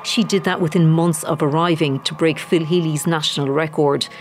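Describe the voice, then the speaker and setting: A reporter narrating a scripted sports feature in a measured news voice-over. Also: medium pitch, steady tone, a little hiss or hum. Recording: voice-over with faint music.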